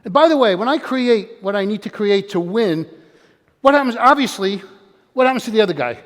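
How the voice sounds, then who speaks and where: An older man giving an energetic live motivational talk, quizzing and calling out to his audience in a room. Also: high voice, a little fast. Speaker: motivational speaker. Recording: long hall reverb.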